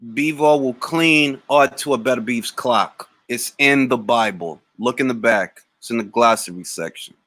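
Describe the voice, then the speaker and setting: A man hosting a live boxing Q&A, answering chat comments in a blunt, slangy, animated way. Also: mid-range voice, measured pace, hardly any pauses, no echo. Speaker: boxing talk show host.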